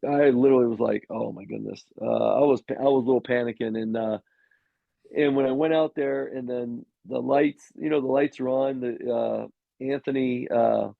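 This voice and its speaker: Gravelly former quarterback telling stories. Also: male voice, mid-range voice, dry recording, phone-quality sound. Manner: rambling anecdotes with many restarts and fillers. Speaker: former pro quarterback, podcast guest. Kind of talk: casual storytelling interview.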